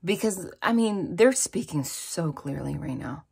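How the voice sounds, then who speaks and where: Her husky, low voice has lively intonation, moving at normal speed with few pauses as she delivers a tarot and angel-message reading to camera. The tone is chatty and comforting, packed with "like" and "right?".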